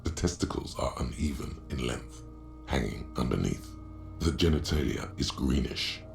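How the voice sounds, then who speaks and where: An actor voicing a grave male narrator in a video game, with slow, ominous and vivid delivery. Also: very deep voice, vocal fry, faint music behind.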